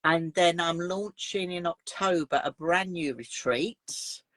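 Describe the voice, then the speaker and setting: A woman's voice: on the low side, slow pace, a bit bright, no room sound. A woman, a craft teacher chatting in an interview and explaining her retreats in chatty detail. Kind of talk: casual interview chat.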